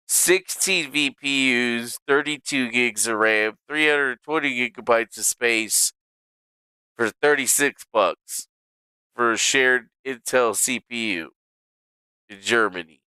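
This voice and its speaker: A man live streaming, talking casually to himself and his chat, swearing often, muttering, then bursting into loud exasperated outbursts. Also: mid-range voice, smooth, dry recording.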